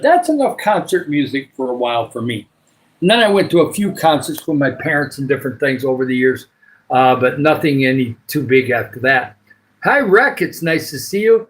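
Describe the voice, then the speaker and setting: A man's voice: a little high, poor audio. Chatty Michigan man hosting a livestream. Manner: rambling, many filler uhs. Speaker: livestream host. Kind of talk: casual live chat with viewers.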